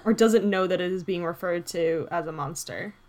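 A woman's voice: lowish voice, brisk, a little mellow. Woman co-host, casual chat, wry joking asides. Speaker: podcast co-host.

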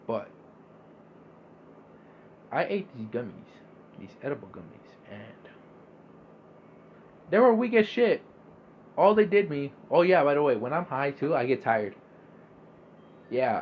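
A man's voice: mid-range voice, highs cut off, a little hiss or hum. Rambling, laid-back young man. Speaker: podcast host. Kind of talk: casual monologue.

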